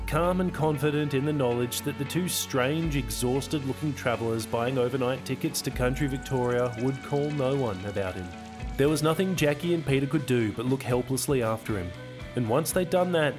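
Aussie guy reading his own audio novel, dry measured delivery, mid pitch, soft music under. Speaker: author and narrator. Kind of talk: audiobook narration.

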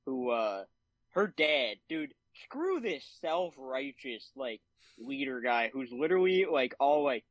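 Animated young man on a dry mic. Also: medium pitch, slow pace, dry recording, low-quality recording. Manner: animated, laughs often, acts out quotes. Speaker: podcast co-host. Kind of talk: casual movie chat.

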